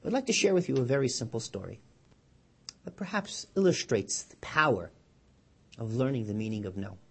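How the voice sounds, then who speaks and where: Animated, husky-voiced rabbi giving a sermon. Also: male voice, moderate pace. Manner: animated storyteller, loud and high when quoting; quiet and low when drawing the lesson. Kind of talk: Torah portion sermon with storytelling.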